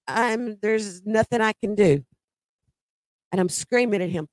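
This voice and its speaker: A woman's voice: mid-range voice, measured pace, a little mellow, no echo. A middle-aged woman telling a personal story in a conversational way, with emphatic quoted dialogue.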